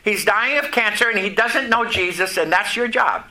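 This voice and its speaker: A man's voice: sits high, animated, normal speed, sharp tone. A man preaching a testimony to a congregation, telling a story and asking the audience questions. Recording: echoey room, faint noise.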